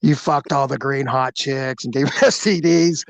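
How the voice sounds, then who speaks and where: A man voicing a menacing male lizard-man alien warrior, slow and threatening. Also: mid-range voice, steady tone, dry recording, close to an everyday voice.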